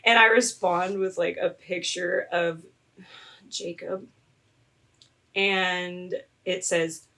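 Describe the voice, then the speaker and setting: A young adult woman, a content creator, telling a story in a casual vlog with animated sarcasm. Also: fairly low pitch, slow, pauses often. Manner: animated and sarcastic, laughing often.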